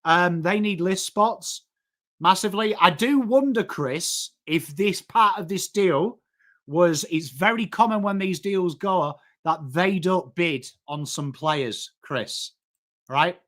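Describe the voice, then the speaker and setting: A man's voice: high voice, slow pace, fairly bright tone. Chatty English man hosting a live stream. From England. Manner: chatty, banters with chat, calls people mate. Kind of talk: casual live-stream commentary reading chat.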